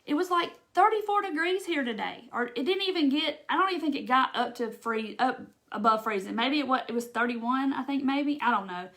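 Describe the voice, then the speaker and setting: A woman's voice: high voice, animated, brisk. A middle-aged woman with a Southern US accent, hosting a casual craft livestream and chatting with viewers. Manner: chatty, warm-hearted, says y'all, tearful at times. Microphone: phone or webcam livestream.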